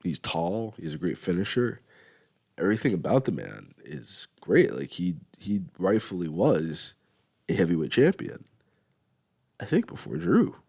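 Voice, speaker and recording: A man's voice: low voice, big pitch swings, normal speed, creaky, a little mellow, husky. A young man hosting a casual wrestling commentary show, rambling and conversational, yawning now and then. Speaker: wrestling podcast host.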